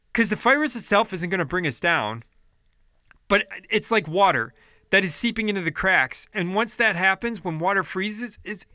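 A man's voice: high-pitched, sharp tone, no echo, clean studio sound. A man delivering a heated, profane political rant, upset and frustrated, often restarting his sentences. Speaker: vlogger.

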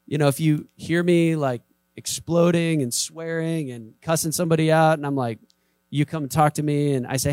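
A man's voice: fairly high pitch, steady tone, moderate pace, a little mellow, dry recording. A man preaching a sermon as a pastor, talking conversationally and acting out short quoted voices. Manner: conversational, acts out quoted voices, emphatic repetition.

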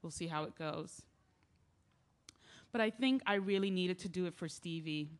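A woman's voice: fairly low pitch, normal speed, natural voice. Woman doing a sad earnest young woman talking through her letters, audio drama. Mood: reflective. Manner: earnest, confessional, rising to yelling. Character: grieving young woman named Lia writing letters. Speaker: narrator and lead.

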